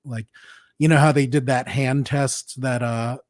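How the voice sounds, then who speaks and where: A man hosting a casual film review chat, opinionated and quick to laugh. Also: mid-range voice, steady tone, no echo, studio quality. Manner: laughs often, opinionated and chatty. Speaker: podcast host.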